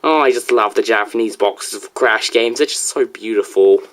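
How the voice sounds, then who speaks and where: A teenage boy reviewing a video game, talking casually and reacting to another video with quick, animated asides. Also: fairly low pitch.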